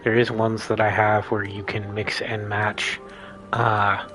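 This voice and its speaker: A man's voice: lowish voice, little pitch movement, takes it slowly, fairly bright tone, soft background music. A man hosting a casual let's play, rambling and explaining his choices as he thinks aloud. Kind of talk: casual gameplay commentary.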